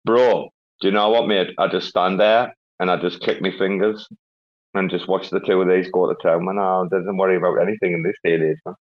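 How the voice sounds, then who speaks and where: A man's voice: deep voice, fairly even intonation, fairly quick. A man hosting a casual online chat, rambling and swearing through banter. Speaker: host. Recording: dull lo-fi online audio.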